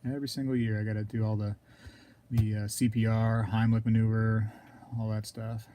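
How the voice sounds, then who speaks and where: Male live streamer, casual rambler, warm low-key voice, frequent throat clearing. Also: level tone, moderate pace, a little hiss or hum. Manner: rambling, talks to viewers in chat, clears throat often. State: throat scratchy, keeps coughing.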